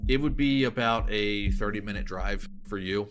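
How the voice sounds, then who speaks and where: Low male game master; relaxed scene-setting narration. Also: moderate pace, highs cut off, music in the background.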